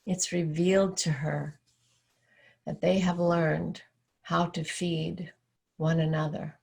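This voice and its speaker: Slow, gravelly-voiced woman teacher. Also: fairly low pitch. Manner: calm storytelling. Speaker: spiritual teacher. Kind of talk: sermon.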